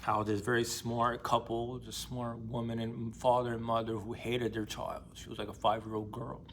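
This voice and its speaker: In a recording with slight hiss or hum, a young man vlogs about books, retelling and commenting in a slangy, profane, emphatic style. He's blunt and swears freely, his mid-range, slightly bright voice holding a level tone at a moderate pace.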